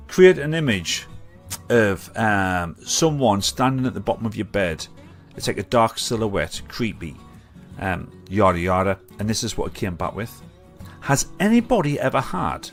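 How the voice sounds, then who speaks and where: A man with a Mackem accent hosting a casual live-stream chat, rambling and swearing freely. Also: lowish voice. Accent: Mackem (Sunderland).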